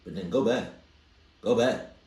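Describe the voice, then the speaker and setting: A man's voice: on the low side, measured pace, darkish tone. A young man hosting a reaction video, blunt, profane and incredulous in casual commentary. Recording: roomy, distant mic.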